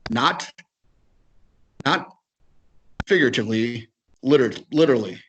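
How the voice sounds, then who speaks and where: A man's voice: mid-range voice, lively intonation, measured pace, a bit bright, slightly rough, poor audio. A man with an Upper Midwest American accent giving a webinar talk, telling a story in a casual way, repeating words and acting out both sides of a conversation. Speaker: webinar speaker. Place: video webinar.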